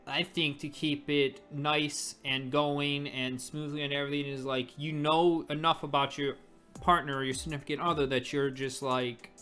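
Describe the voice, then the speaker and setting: Reader doing a rambling teenage boy, halting, restarting, middle pitch, faint music behind. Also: a bit bright, close to an everyday voice.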